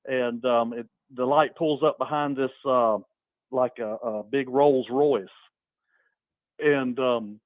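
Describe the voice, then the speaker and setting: A man's voice: medium pitch, steady tone, slow pace, no echo, phone-quality sound. Chuckling man telling stories, dry mic. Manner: laid-back storyteller, chuckles often. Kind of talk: casual chat.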